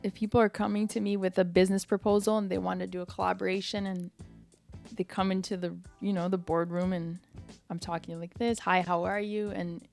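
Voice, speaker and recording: A woman's voice: mid-range voice, creaky, soft background music. A young woman from Canada, a guest DJ, chatting casually and candidly in an interview and laughing easily. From Canada (Toronto). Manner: relaxed, candid, quick to laugh.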